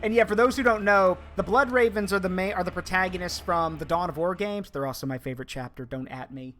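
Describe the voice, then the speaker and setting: Animated high-voiced man chatting. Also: fast, faint music behind. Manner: animated, laughing while telling jokes. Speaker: streamer. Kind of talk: casual gaming chat.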